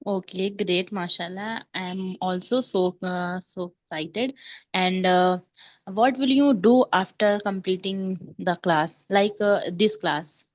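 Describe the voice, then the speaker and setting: A woman's voice: mid-range voice, takes it slowly, no echo, muffled recording. A woman learning English, chatting eagerly in an online class with frequent fillers. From India. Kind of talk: English speaking practice. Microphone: online class audio.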